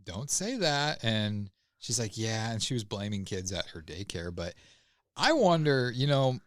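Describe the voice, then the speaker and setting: Male podcast co-host, lowish voice, hesitant delivery with restarts, dry close sound. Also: lively intonation, no room sound. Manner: hesitant, many fillers and restarts, halting. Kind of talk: casual chat.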